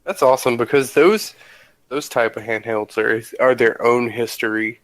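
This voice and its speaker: A man's voice: medium pitch, moderate pace, no room sound, poor audio. A man co-hosting a podcast, chatting casually and enthusiastically with lots of "like" fillers. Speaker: podcast co-host. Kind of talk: casual chat.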